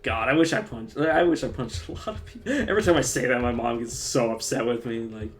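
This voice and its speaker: A man's voice: medium pitch, brisk, faint music behind. Profane rambling young man streaming. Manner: profane, rambling, lots of fillers and restarts. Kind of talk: casual rambling chat while gaming.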